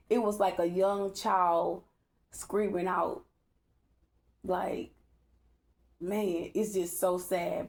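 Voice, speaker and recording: Woman w/ aave doing a spiritual reading, animated, swears a lot, talks right at you. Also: medium pitch, gravelly. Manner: animated and emphatic, profane, slangy, talks straight to viewers. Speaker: spiritual tarot reader. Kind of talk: casual spiritual reading to viewers.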